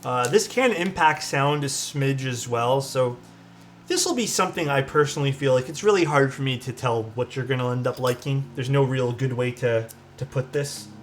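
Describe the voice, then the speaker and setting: A man's voice: mid-range voice, moderate pace, a little hiss or hum. A man streaming as he assembles a keyboard, talking casually, thinking aloud and answering chat, sometimes drifting away from the mic. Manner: drifts off-mic while searching for parts.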